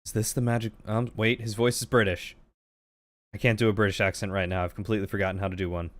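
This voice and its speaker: A man's voice: fairly low pitch, level tone, quick pace, a bit bright. A man casually commentating his game playthrough, joking and reading lines aloud. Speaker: streamer playing a game. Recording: game music underneath.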